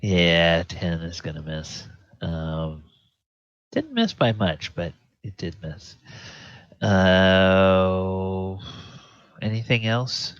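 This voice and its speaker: A very deep, unhurried man guiding a tabletop session as dungeon master. He talks in halting bits, full of fillers and restarts. The sound is dry and muffled, like a lo-fi call. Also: animated, smooth, dry recording. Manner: hesitant, many fillers and restarts. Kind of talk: running a tabletop game, casual.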